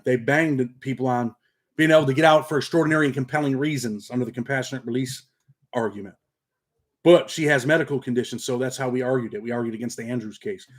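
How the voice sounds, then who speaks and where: A middle-aged man from Rochester, New York, with a slightly country upstate accent, hosting a casual livestream and chatting with viewers in streetwise slang, saying "man" constantly. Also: medium pitch. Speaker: channel host and paralegal. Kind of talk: casual livestream chat, reading comments.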